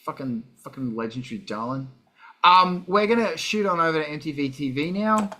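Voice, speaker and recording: An Australian man hosting a live stream, chatting casually and wandering from topic to topic. His voice is bright and forward, and he swears freely. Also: on the high side, animated, a little fast. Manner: rambling, profane, sidetracked. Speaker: livestream host.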